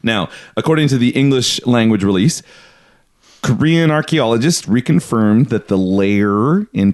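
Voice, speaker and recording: A man's voice: lowish voice, darkish tone, clear, resonant tone. A young man from Canada hosting a casual conspiracy podcast, rambling through his notes with restarts and frequent laughs. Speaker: podcast host.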